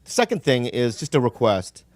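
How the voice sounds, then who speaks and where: Brief: middle-aged man, podcast host, teasing and giggly, lively pitch, dry close sound. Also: moderate pace, no echo. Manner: playful, teasing, giggly, with frequent restarts. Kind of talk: casual chat.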